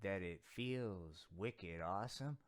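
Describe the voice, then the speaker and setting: A man voicing a patient grown-up puppet mentor who lectures gently in a comedy puppet sketch. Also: low-pitched, takes it slowly, voice pushed down.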